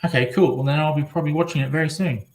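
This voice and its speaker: A man's voice: on the high side, steady tone, rapid-fire, a little mellow. A man chatting casually on a live stream, rambling and reading viewers' comments aloud. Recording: echoey room.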